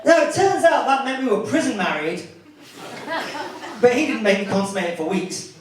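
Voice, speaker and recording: Young Northern English male stand-up comic, high and animated, recorded from afar in a roomy club with laughter. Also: normal speed, noisy background. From north of England. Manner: animated, jumps into high-pitched character voices for punchlines. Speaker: stand-up comedian. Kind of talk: stand-up comedy set. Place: comedy club. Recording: echoey club from a distance, clear crowd laughter.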